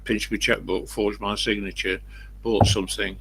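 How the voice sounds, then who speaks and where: Gravelly older man rambling. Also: fairly low pitch, level tone, normal speed, background noise. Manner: rambling, blunt, anecdotal. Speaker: livestream host. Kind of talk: casual chat with viewers.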